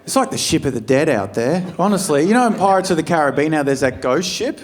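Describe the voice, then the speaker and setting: Australian man, stand-up comic, blunt, lively swooping delivery, fairly high voice. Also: quick pace. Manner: blunt, deadpan asides with sudden loud outbursts. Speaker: stand-up comedian. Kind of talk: stand-up set. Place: comedy club stage with audience.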